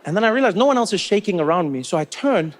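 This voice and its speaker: High-voiced South African comedian. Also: male voice, fast talker, background noise. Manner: animated storytelling with repetition. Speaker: stand-up comedian. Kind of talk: stand-up comedy set.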